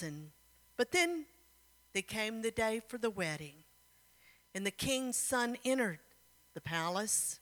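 A woman's voice: mid-range voice, lively intonation, unhurried, long pauses, a bit bright, long reverb tail. A woman preacher telling a story and then exhorting her congregation, her sermon rising to fervent emphasis, in a church.

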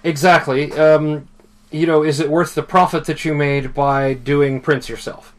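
A man's voice: on the high side, little pitch movement, a little slow. A man hosting a podcast in casual chat, rambling with many fillers and restarts. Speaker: podcast host.

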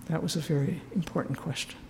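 A woman's voice: low-pitched, fairly even intonation, fast talker, vocal fry, slight background noise. Woman giving a retreat talk in a church. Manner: gentle, earnest storytelling with self-deprecating humor. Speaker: retreat speaker. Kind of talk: reflective retreat talk with personal story. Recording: long church reverb.

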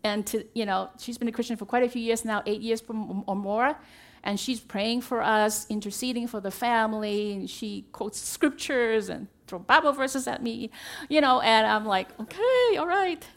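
A middle-aged woman with a slightly high voice gives a personal testimony before a church gathering. She talks earnestly, walking through her story and bringing the dialogue to life as she recalls it. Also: fairly even intonation, moderate pace, fairly bright tone. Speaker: church member sharing a testimony.

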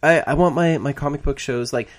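Very low-voiced woman, playful. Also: fairly quick. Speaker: podcast co-host. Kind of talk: casual chat.

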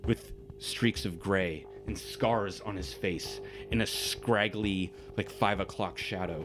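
A man running a tabletop game as game master, narrating scenes in vivid, descriptive bursts. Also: lowish voice.

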